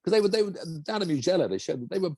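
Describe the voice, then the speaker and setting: A man's voice: high-pitched, big pitch swings, racing, darkish tone, slight background noise. A man, a former racing driver, co-hosting a casual motorsport chat, enthusiastic and rambling, full of restarts. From England.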